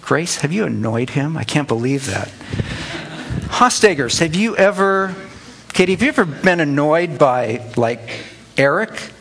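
A man's voice: a little high, measured pace, creaky, slight background noise. A middle-aged man, a pastor, giving an informal Bible teaching to a church group, conversational and calling on listeners by name. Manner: conversational, addresses listeners by name, animated asides.

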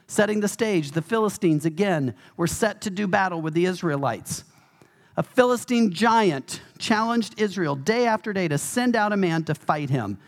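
A man preaching a sermon as pastor, emphatic and animated, with touches of humor. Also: high voice.

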